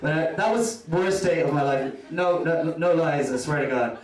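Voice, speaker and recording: A man's voice: on the high side, normal speed. A man with an Irish accent doing a rambling stand-up routine full of "you know" asides. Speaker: stand-up comedian. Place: comedy club stage. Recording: echoey club from a distant mic.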